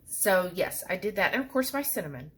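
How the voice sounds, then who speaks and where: A woman's voice: medium pitch, very animated, brisk, background noise. A woman chatting casually to her viewers in a rambling way, often saying "y'all". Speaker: vlogger. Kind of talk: casual chat.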